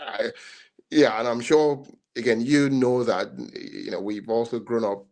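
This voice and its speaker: This podcast co-host rambles through a casual debate, his long turns full of fillers and false starts. He speaks at a measured pace in a medium-pitched, steady voice with a somewhat dark tone.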